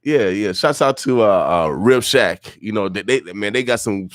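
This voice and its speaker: Low-voiced easygoing male radio host. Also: expressive, normal speed, no room sound, studio quality. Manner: easygoing, rambling, repeats catchphrases. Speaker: radio morning show host. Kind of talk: casual morning radio chat. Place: radio studio. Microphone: studio microphone.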